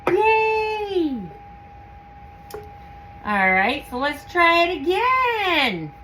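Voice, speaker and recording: A woman hosting a home canning video, chatting casually through a how-to demonstration in her kitchen and gushing with excitement as she works. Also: medium pitch, normal speed, a little hiss or hum, low-quality recording. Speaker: home canning channel host.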